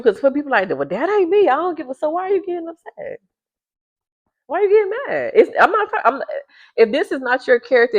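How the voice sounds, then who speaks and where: A woman talks casually to viewers, repeating herself for emphasis and jumping high in pitch when she gets worked up. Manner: keeps her voice down at first with a sleeping baby nearby. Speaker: vlogger giving a reading to viewers. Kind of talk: casual direct-to-camera talk. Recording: slightly dull lo-fi sound.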